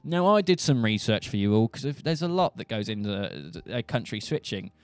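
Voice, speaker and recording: A young English streamer from Buckinghamshire, speaking with a Southern English accent, rambles and jokes in an easygoing monologue. His fairly low voice has a clear, resonant tone and big swings in pitch, and he keeps a moderate pace.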